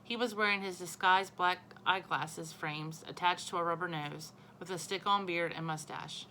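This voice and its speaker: A woman teacher reading a children's novel aloud to her class in an expressive storytelling manner. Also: on the low side, moderate pace, a little hiss or hum, poor audio.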